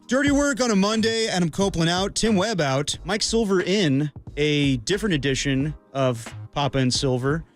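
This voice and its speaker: A man hosting a sports talk radio show, talking briskly through the news. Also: on the high side, faint music behind.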